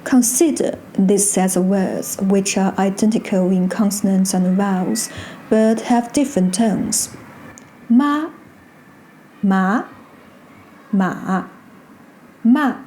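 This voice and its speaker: Slow mellow woman w teaching pronunciation, careful scripted delivery, drawn out example sounds. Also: mid-range voice, steady tone, a little hiss or hum. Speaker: Mandarin teacher and channel host. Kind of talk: scripted explanatory lesson.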